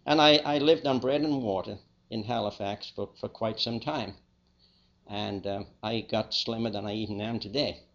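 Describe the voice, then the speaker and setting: An older man with a Liverpool accent, telling his own life story as a testimony in a plain, unhurried, reflective way. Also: fairly low pitch, fairly even intonation, a bit bright, highs cut off. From England. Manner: plain, unhurried, with small restarts. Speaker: speaker giving a personal testimony.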